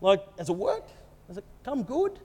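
Man doing a tired matey healer, high voice, hall echo. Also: sing-song, moderate pace, a little mellow. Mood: weary, matey. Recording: echoey hall reverb.

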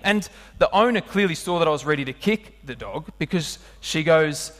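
A man preaching a sermon, animated and asking his listeners rhetorical questions. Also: fairly high pitch, fast. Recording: long hall reverb.

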